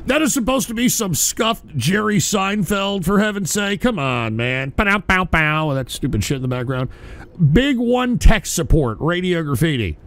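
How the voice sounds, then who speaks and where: Brash profane man hosting a stream, high lively voice. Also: moderate pace. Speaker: host. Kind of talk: casual live stream talk.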